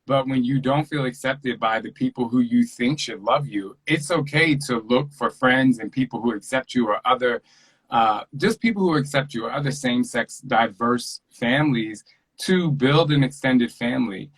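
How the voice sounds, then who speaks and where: Man, mid-pitched, earnest, animated storytelling, casual chat over a video call. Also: normal speed, slightly rough, rough recording. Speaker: podcast host and father, interview guest.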